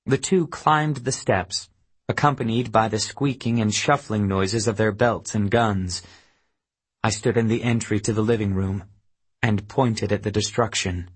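A man's voice: lowish voice, fairly even intonation, measured pace, husky. A man reading a novel aloud in the first person, telling the story in a dry, wry way. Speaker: audiobook narrator. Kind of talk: scripted first-person narration.

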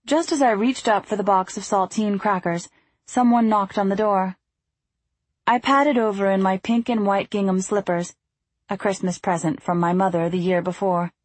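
A woman giving first-person audiobook narration in an even storytelling manner. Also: medium pitch, normal speed, dry recording.

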